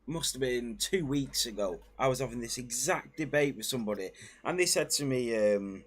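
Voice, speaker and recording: A man co-hosting a podcast in casual chat, relaxed and fairly quiet, asking questions and adding jokes. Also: mid-range voice, normal speed.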